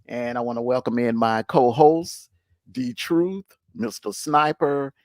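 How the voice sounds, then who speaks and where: Brief: male sports stream host, hyped, casual, average pitch. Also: a little slow, darkish tone. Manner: hyped, laughs often. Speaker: show host. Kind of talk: casual sports talk livestream.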